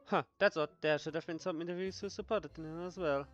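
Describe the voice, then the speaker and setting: A man's voice: fairly high pitch, a little fast, a bit bright, lo-fi sound, faint music behind. A man joking and reacting as he plays through a game. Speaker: let's play gamer. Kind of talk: game playthrough commentary.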